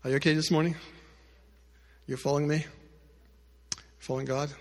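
A male pastor telling a story in a sermon, addressing the congregation directly and moving between loud emphatic lines and hushed quiet ones. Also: on the high side, little pitch movement, normal speed, in a large hall. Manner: speaks directly to the congregation with asides.

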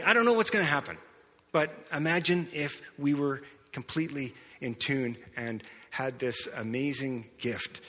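Preacher guy telling his story, bright forceful voice, big echoey church sound. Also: fairly high pitch. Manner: storytelling, animated, acts out his own reactions. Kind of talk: sermon testimony. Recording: long hall reverb.

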